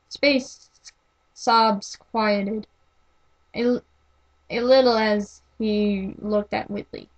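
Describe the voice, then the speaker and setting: A woman's voice: medium pitch, steady tone, takes it slowly, pauses often, muffled recording. A young woman reading fan fiction aloud as an amateur, stumbling and restarting words often. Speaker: amateur reader.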